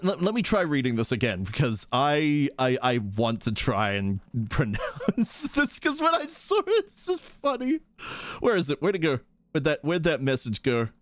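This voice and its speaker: In a dry recording, a high-pitched man livestreams in a casual, playful way. He giggles and fools around with silly pronunciations as he chats.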